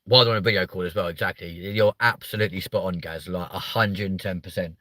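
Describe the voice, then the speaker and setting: A young man hosting a live comedy stream from a car, sweary and mocking, jumping from loud outbursts to muttered asides. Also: sits low, steady tone, fast talker, no echo. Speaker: host of a live stream show. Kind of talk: crude comedic live chat.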